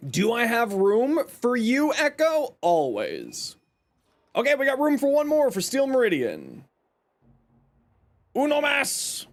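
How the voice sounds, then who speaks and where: Male streamer, high voice, very lively pitch, upbeat, playfully sarcastic, casual chat. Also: measured pace. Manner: upbeat, greets chat by name. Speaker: game streamer.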